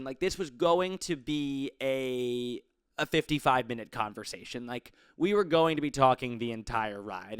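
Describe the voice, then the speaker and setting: A man's voice: mid-range voice, a bit bright, clear, resonant tone, dry recording, clean studio sound. A man vlogging, telling a casual rambling story with constant "like" fillers and the odd swear word.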